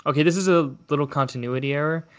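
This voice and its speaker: A young man co-hosting a podcast, retelling a movie in casual chat with halting restarts and laughs. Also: fairly high pitch, clean tone. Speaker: podcast co-host.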